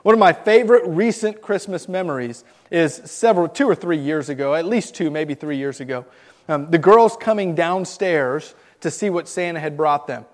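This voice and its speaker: A man's voice: on the high side, normal speed, long reverb tail. A man in his thirties from Florida, telling Christmas memories to a group, stumbling over and repeating his words. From Miami, Florida. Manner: stammers and repeats words, animated storytelling. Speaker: speaker sharing Christmas memories. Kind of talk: storytelling talk to a group.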